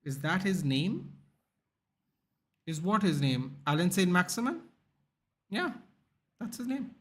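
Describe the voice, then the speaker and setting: This young man's high-pitched, slightly rough voice moves at a slow pace as he hosts a live football watchalong. Lively and talkative, he reacts to the match casually and reads out viewer comments.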